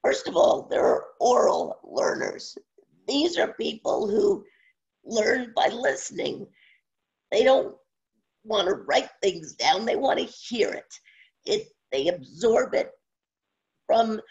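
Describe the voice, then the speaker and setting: A speaker in their sixties with a very scratchy, strained voice that keeps breaking, giving an online teaching presentation in halting phrases full of pauses and fillers. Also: mid-range voice, lively intonation, creaky, husky, muffled recording. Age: 60s. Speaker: online instructor. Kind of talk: webinar presentation.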